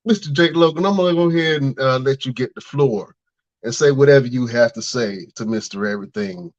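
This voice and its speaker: A man hosting a wrestling podcast segment, hyping up his guests in an excitable way. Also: medium pitch, a little fast, dry recording, dull audio. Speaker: podcast host.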